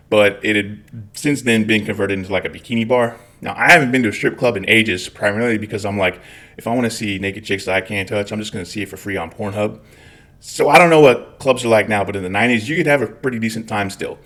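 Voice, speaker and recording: A man's voice: on the low side, fairly bright tone. A middle-aged man with a Scottish accent, telling a long profane story with wry asides as a channel host. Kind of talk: storytelling monologue.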